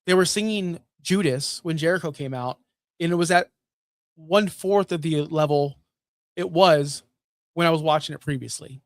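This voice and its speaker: Man, fairly high voice, ranting recap streamer, dry close sound, keeps repeating his points. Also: normal speed, no room sound. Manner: animated, repeats points, asks rhetorical questions. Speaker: wrestling show recap host. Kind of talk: casual ranting commentary on a live stream.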